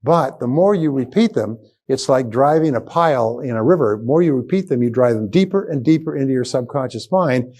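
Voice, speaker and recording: This motivational speaker, a man, lectures at a live seminar with a seminar-room audience present. His voice is dark in tone and medium in pitch, and he keeps repeating key phrases with strong emphasis to drive them in.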